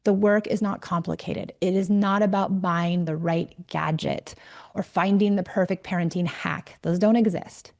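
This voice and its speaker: Speaking alone on her parenting podcast, this middle-aged coach and host uses a fairly low, steady voice with vocal fry and a slightly mellow quality. Her pace is normal. She comes across as earnest and direct, occasionally starting her words over.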